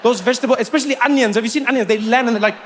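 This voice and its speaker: Animated South African stand-up comedian. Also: male voice, very high voice, rapid-fire, slight background noise. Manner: animated, acts out voices.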